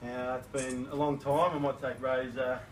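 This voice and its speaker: A man's voice: mid-range voice, flat delivery, normal speed. A young man recalling childhood days with a friend in a casual party speech, laughing at his own jokes. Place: party in a shed. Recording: far from the mic, crowd noise.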